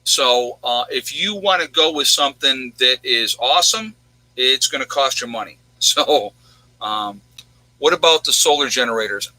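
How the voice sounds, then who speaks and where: A man's voice: medium pitch, animated, moderate pace, bright, forceful tone, no echo, poor audio. A man hosting a casual livestream, chatting in a rambling way and answering viewers' questions. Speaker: livestream host.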